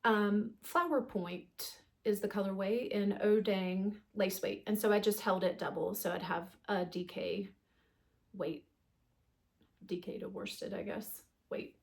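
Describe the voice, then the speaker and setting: A woman's voice: medium pitch, steady tone, a little slow, vocal fry. A woman hosting her knitting podcast, chatting casually through a show-and-tell with frequent ums and restarts. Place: home knitting corner.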